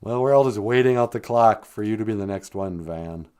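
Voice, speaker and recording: A man's voice: on the low side, fairly quick, darkish tone, clear, resonant tone. A man hosting a casual comedic chat, rambling and joking with strong opinions. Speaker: podcast host.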